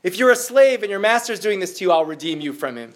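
An ancient male rabbi, commanding and concerned, as a teacher reads him aloud. He questions in a raised, insistent voice that sits fairly high and carries urgency. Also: animated, fast talker. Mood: urgent.

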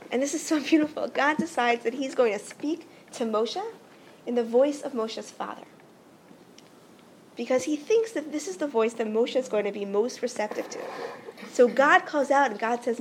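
A woman with a high-pitched voice giving an earnest religious lesson, explaining step by step and checking in with her listeners. A faint hum of room noise runs underneath. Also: normal speed. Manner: earnest, explanatory, frequent "right?" check-ins. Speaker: teacher. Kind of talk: religious teaching talk.

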